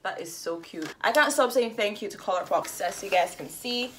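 A young woman excitedly unboxing makeup at home, gasping and gushing as she goes. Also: mid-range voice, normal speed, slight background noise. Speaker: beauty vlogger.

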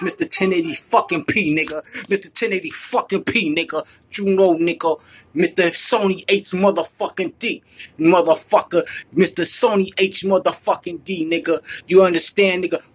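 A man giving an excited, profane recap of a battle, repeating his phrases and hyping the performers. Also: on the high side, slightly rough. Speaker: battle rap reviewer.

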